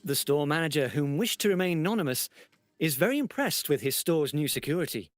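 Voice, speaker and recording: A man narrating a spoof news report in a measured reporter manner. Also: fairly high pitch, expressive, no room sound. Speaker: reporter host.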